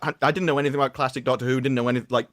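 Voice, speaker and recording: A man's voice: mid-range voice, flat delivery, rapid-fire, a bit bright, no room sound, studio quality. A man on a podcast, casually chatting as a fan and laughing often. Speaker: podcast guest. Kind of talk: casual chat.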